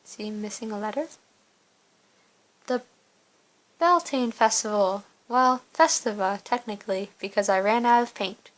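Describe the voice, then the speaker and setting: A woman's voice: medium pitch, unhurried, long pauses, close to an everyday voice, low-quality recording. A woman voicing a young man in a game story, an earnest fire-wielding suitor with a teasing, eager-to-please way of talking.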